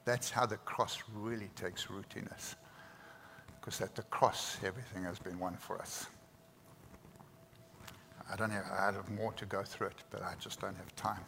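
A man's voice: lowish voice, fairly even intonation, moderate pace, gravelly, pauses often, a bit bright. A man, preaching a sermon with earnest emphasis and repeated words. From South Africa. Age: 60s. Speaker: pastor. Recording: reverberant hall, faint noise.

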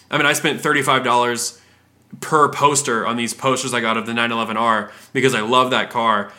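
A man's voice: mid-range voice, pushed and bright. A man in casual conversation, talking in a rambling way with lots of fillers and acting out other people's lines. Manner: rambling, filler-heavy, acts out customer voices. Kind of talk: casual chat.

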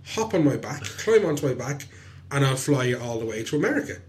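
A man's voice: mid-range voice, big pitch swings, fairly quick, lightly acted. A man voicing a grumpy snooty talking crane. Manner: gruff and curt.

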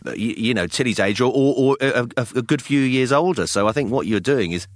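A man's voice: medium pitch, a little fast, no echo, studio quality. A man from London in his forties, co-hosting a podcast, rambling, breaking off mid-thought and laughing a lot. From England, London. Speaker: podcast co-host. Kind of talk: casual chat.

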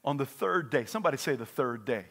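A man preaching a sermon with lively delivery, dropping to quiet asides and rising to loud exclamations. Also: medium pitch, fast. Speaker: pastor.

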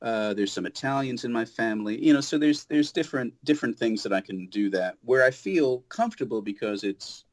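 A man's voice: medium pitch, brisk, few pauses. A man, a voice actor and audiobook narrator, chatting casually as a guest and telling stories with lots of restarts. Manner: animated storyteller, many restarts. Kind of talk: casual interview chat. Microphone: home studio booth.

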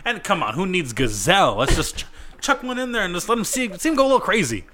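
A man's voice: sits high, very animated, quick pace, bright, forceful tone, a little hiss or hum. A man in his thirties co-hosting a podcast, making joking, sarcastic asides in casual chat. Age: 30s. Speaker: podcast co-host.

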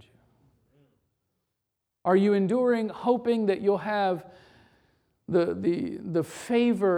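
A preacher delivering a sermon, building to intense repeated lines and dropping to quiet, with frequent restarts. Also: mid-range voice, slow, pauses often. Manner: swings from rising intensity to quiet, repetitive cadences.

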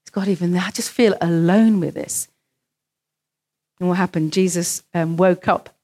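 A woman's voice: on the low side, fairly even intonation, moderate pace, dark tone. Woman preaching a story-filled sermon. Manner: storytelling, acts out quoted voices. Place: church.

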